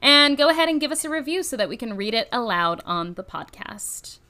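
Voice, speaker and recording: A woman co-hosting a podcast in casual chat, giggly, playful and excitable. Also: fairly high pitch, a little fast. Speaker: podcast co-host.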